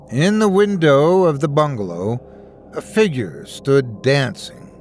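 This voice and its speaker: A man narrating a horror story in a measured, suspenseful way. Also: medium pitch.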